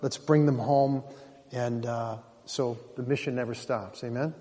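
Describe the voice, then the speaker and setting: A man's voice: medium pitch, fairly even intonation, measured pace, dark tone, big-room sound. An older man leading a faith gathering, speaking in an earnest, encouraging, folksy way. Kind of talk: informal faith talk.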